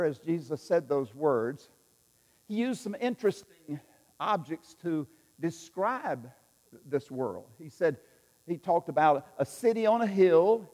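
A man's voice: a little high, a little mellow. A man preaching a sermon, emphatic and repetitive, leading his listeners in repeating lines. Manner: emphatic, repetitive, leads the audience in call-and-response. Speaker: pastor. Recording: long reverb in a large hall.

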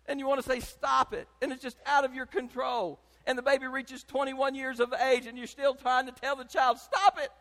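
An older man, preaching a sermon as pastor, emphatic and swinging between loud and soft. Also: very high-pitched, flat delivery, brisk, hardly any pauses, big-room sound.

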